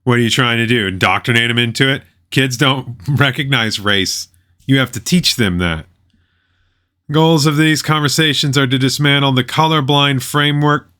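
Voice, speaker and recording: A man's voice: medium pitch, moderate pace, sharp tone. A man reading a web page aloud and commenting on it, with sarcastic, mocking asides.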